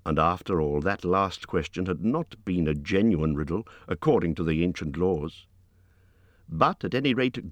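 A man reading a storybook aloud in a measured narrating voice, lifting his pitch for the hero's lines. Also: no room sound. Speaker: audiobook narrator.

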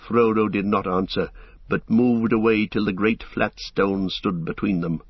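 A man reading an audiobook as narrator, in measured, even storytelling. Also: on the low side, no room sound. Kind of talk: scripted narration. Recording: slightly dull lo-fi recording.

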